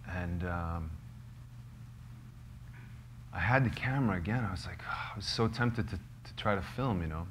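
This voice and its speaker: A man, a filmmaker, telling a true story to a small live group, halting and searching for words with many fillers. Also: low voice, a bit bright, a little hiss or hum. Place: cozy lodge hall gathering.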